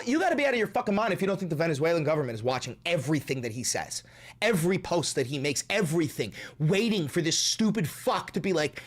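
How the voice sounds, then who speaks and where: A man's voice: a little high, quick pace. A young man streaming, ranting heatedly about politics, swearing often and mocking his opponents. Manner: profane, heated, mocking, animated delivery.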